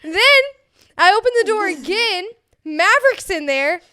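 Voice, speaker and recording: A woman's voice: extremely high pitch, a little slow. A young woman co-hosting a podcast, telling stories in casual chat with lots of giggling. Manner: giggly, animated storytelling. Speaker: podcast co-host.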